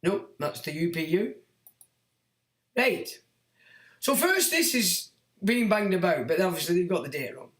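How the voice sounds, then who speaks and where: A man's voice: high-pitched, very animated, measured pace, pauses often, fairly bright tone. Crude man with an echoey sound. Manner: blunt, crude and mocking, with swearing. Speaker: livestream host. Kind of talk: casual livestream monologue reading chat comments. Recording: echoey room.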